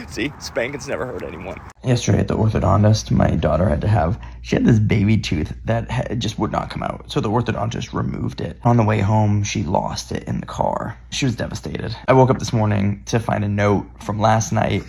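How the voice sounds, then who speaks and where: A man's voice: fairly low pitch, brisk, gravelly, few pauses, darkish tone, a little hiss or hum. A man in his thirties doing a profane, exasperated comic rant about parenting. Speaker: comedian.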